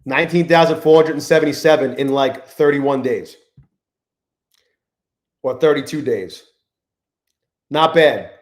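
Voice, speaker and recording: A man's voice: fairly high pitch, a little slow, long pauses. A young man hosting a live trading stream, chatting loosely and profanely while he greets viewers from the chat by name. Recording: echoey room.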